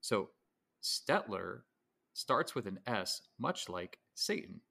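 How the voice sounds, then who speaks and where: A man's voice: fairly low pitch, sing-song, takes it slowly, gravelly, sharp tone. A man co-hosting a podcast, casually retelling a movie plot with laughs and restarts. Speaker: podcast co-host. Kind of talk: casual chat.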